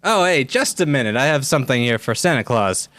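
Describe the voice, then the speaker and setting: A blustering, exclaiming reader performs a store owner in an amateur online radio play. The voice stays mid-pitched but moves around a lot. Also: expressive, brisk, fairly bright tone, slight background noise.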